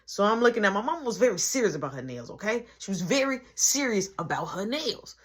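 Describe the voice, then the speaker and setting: A man telling a comedic story from his childhood, animated and acting out each person. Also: sits high, a little fast, few pauses, breathy edge. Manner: animated, acts out every voice.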